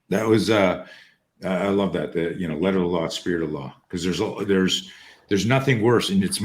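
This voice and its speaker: A man with a very low voice hosts a relaxed interview. He rambles through a story, pausing on fillers and correcting himself as he goes. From Canada. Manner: rambling, hesitant anecdote with fillers. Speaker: podcast host. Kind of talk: casual interview chat.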